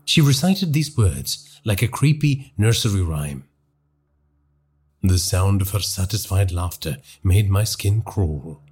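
A man narrating a horror story for a podcast in a hushed, dramatic storytelling manner. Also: deep voice, lively intonation, slow, breathy edge.

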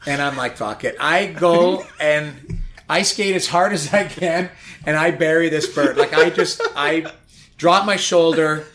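Bright, animated male storyteller. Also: a little high, unhurried. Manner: animated, rambling anecdote with lots of "like". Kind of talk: casual storytelling.

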